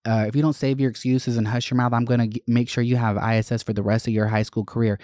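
A vlogger voicing an aggressive, dismissive male high school principal who scolds and mocks a student. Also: little pitch movement, quick pace, darkish tone, no echo, studio quality, close to an everyday voice. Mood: scolding. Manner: scolding, mocking.

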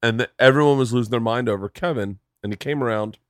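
A man hosting a podcast, telling stories in a casual, animated way, swearing freely and breaking into impressions. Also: fast, no echo, clean studio sound. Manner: animated storyteller, swears freely, jumps into high-pitched impressions. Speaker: podcast host. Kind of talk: casual chat.

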